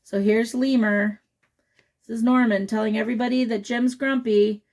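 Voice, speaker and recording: A woman's voice: on the high side, fairly even intonation, moderate pace, a little mellow. A woman reading a picture book aloud to children, chatting and asking them questions along the way. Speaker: children's story reader.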